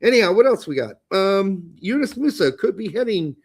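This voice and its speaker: A man's voice: high-pitched, sing-song, normal speed, slightly rough. A man co-hosting a soccer podcast, speaking bluntly with casual swearing and joking asides. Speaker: podcast co-host.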